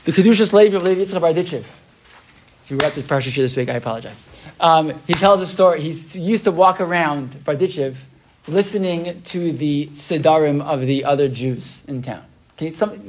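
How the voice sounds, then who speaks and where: A Torah teacher gives a relaxed, talkative lecture, checking in with a quick "right?" and slipping into the voices of figures from his stories. He speaks with a fairly high pitch over slight background noise.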